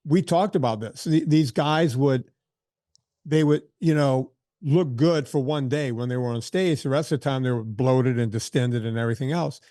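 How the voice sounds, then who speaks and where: A man in his sixties, a fitness trainer telling stories in a casual interview, animated and full of quoted asides and restarts. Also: medium pitch, normal speed, no room sound, studio quality. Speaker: fitness trainer and podcast guest.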